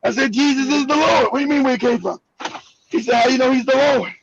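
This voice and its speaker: An American man hosting a live discussion, telling a story with passion. He is emphatic and profane, often shouts, and laughs through his stories over a video call. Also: very high voice, quick pace, gravelly, highs cut off, heavy background noise. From United States. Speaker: show host.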